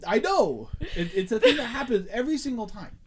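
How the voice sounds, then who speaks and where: A man's voice: extremely high pitch, very animated, a little fast. A man hosting a podcast, telling a rambling story in casual chat and laughing often. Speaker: podcast host.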